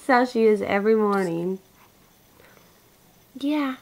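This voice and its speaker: A woman's voice: mid-range voice, darkish tone. A mother at home talking to her newborn in sing-song, coaxing baby talk, recorded on a camcorder. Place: at home, indoors. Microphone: built-in camcorder mic.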